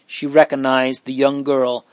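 Man narrator for a classic storybook, measured delivery, mid pitch, dry close mic. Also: little pitch movement, a little mellow, no echo.

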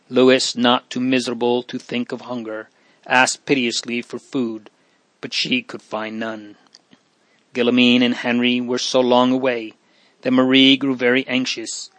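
A man reading a story aloud in a measured way, softening on sad passages. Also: medium pitch, no room sound, rough recording. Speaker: narrator. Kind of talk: audiobook narration.

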